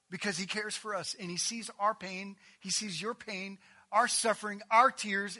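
A man preaching a sermon, reading scripture and acting out the people in it, swinging between loud outbursts and hushed, quiet lines. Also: high voice, steady tone, moderate pace. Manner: dramatic, acts out voices, swings from shouting to hushed. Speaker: pastor.

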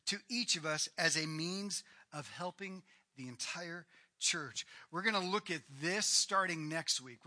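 Bright-voiced animated male pastor preaching. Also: fairly high pitch. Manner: animated, rising to loud emphatic bursts. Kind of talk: sermon.

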